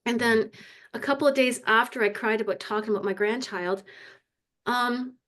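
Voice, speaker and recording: A woman's voice: fairly high pitch, moderate pace, fairly bright tone. An older woman, a grandmother, sharing a heartfelt, rambling personal story on a video call, tearful at times. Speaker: community member sharing.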